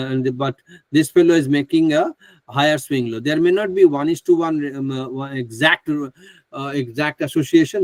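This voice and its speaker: A man's voice: mid-range voice, a little mellow, no echo, rough recording. A man teaching a live online trading class, speaking with many fillers and restarts into a computer microphone on a video call. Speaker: trading instructor.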